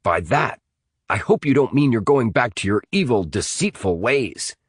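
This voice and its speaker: A man's voice: mid-range voice, expressive, normal speed, husky, no echo, clean studio sound, voice pushed up. A man voicing a big, blunt teenage boy who sounds wary.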